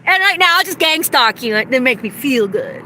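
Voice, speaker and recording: Angry high-voiced woman ranting outdoors. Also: expressive, normal speed, sharp tone, a little hiss or hum. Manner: profane, agitated, ranting. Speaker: vlogger. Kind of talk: angry livestream rant. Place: outdoors in the cold.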